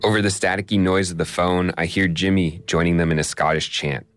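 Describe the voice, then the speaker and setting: Very deep-voiced male radio reporter. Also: fairly even intonation, fairly bright tone, faint music behind. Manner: measured, storytelling. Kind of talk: scripted news narration.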